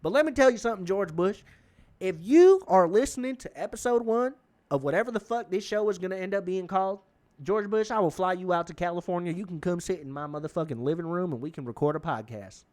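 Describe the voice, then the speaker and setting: A man's voice: high-pitched, animated, a little fast, a little mellow, voice pushed up. A man putting on a put-on Southern US drawl, playing a chummy, boastful folksy Southern man. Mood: folksy pleading.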